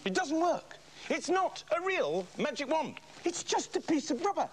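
A man's voice: very high-pitched, sing-song, moderate pace. A man presenting a children's comedy show, playing the exasperated straight man and laughing often.

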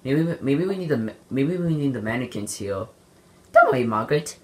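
A young woman giving playful let's play commentary on a game, shouting in bursts and slipping into silly voices. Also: rumbling low, lively intonation, brisk. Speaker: gamer playing a horror game.

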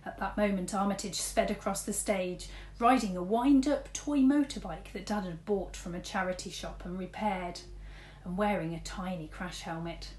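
A woman teacher reads a storybook aloud in a lively way, shifting between loud shouts and quiet whispers to voice the characters. Her voice is mid-range and her pace is normal, with a reverberant sound.

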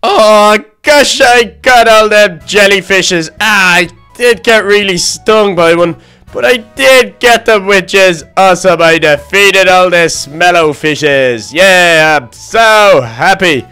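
A man's voice: high voice, slow, sharp tone, smooth, heavily acted. A man voicing Baby Duck, a chatty, easily flustered baby duck in a Minecraft role-play, rambling to himself with lots of "oh, gosh", with faint music behind. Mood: cheerful. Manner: rambling self-talk full of "oh, gosh" exclamations. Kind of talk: game role-play narration.

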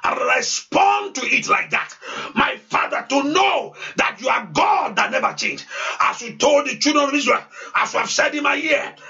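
Man pastor, fervent shouted prayer, gravelly and sharp-edged. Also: extremely high pitch, expressive, normal speed. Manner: fervent, repetitive, shouted pleas, speaking in tongues. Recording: distant, dull lo-fi sound.

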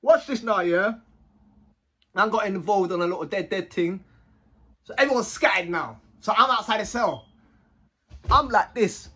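Young man, husky, bright edgy tone, casual slangy storytelling. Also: high voice, normal speed, long pauses. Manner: animated, slang-heavy, keeps adding tag questions. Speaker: vlogger telling a prison story.

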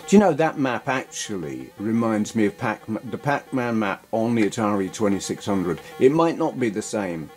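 A man's voice: fairly low pitch, big pitch swings, moderate pace, hardly any pauses, a little mellow, faint music behind. A man giving rambling, self-deprecating commentary while playing an old computer game. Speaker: retro gaming YouTuber. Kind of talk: casual gameplay commentary.

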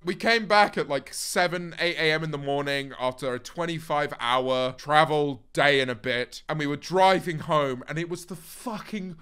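Bright-voiced, sweary British man. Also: a little high, moderate pace, hardly any pauses, clean tone. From Britain. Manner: sweary, animated storytelling. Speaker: streamer reacting to clips. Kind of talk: casual commentary.

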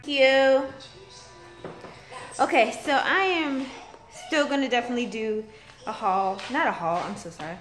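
Young woman, casual home vlogger, rambling and filler-heavy, slightly high voice, phone mic. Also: moderate pace, pauses often, fairly bright tone, faint music behind. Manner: chatty, rambling with many fillers and restarts. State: six months pregnant. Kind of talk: casual vlog chat. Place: at home, in a house. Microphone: phone camera.

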